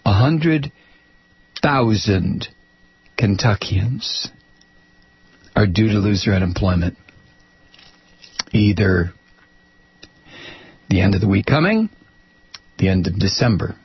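A man hosting political talk radio, ranting with mocking, angry insults, his voice rough and husky. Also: lowish voice, animated, slow, pauses often, no room sound. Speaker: radio talk show host. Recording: dull lo-fi radio audio.

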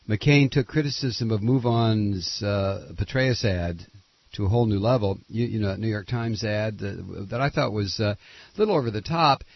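A man hosting a political talk radio show, indignant and sarcastic, halting often with fillers and restarts. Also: medium pitch, dry recording, lo-fi sound.

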